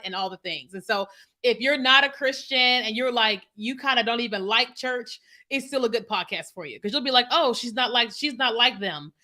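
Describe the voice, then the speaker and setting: A woman's voice: fairly high pitch, bright, forceful tone. A woman business coach chatting casually with viewers on a livestream, often asking "you know what I mean?". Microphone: computer mic on a streaming setup.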